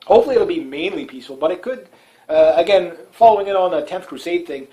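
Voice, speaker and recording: A man's voice: high voice, lively intonation, fast talker, warm tone, rough recording. A man from Canada hosting a talk show, delivering a casual political commentary monologue that rambles, with many fillers and restarts and frequent chuckles.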